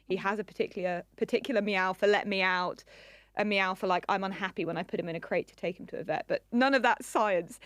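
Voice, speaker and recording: A woman science reporter explaining things in quick, lively conversational chat. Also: medium pitch, no room sound, clean studio sound.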